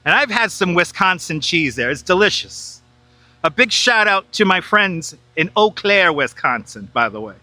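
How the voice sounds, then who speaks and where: A man from New York is live-streaming a casual walking tour outdoors in a large city park, and he's chatty, reads viewer comments aloud, and laughs easily. His voice is high with big pitch swings, pushed and bright, at a moderate pace. A wireless clip-on mic gives a dry recording.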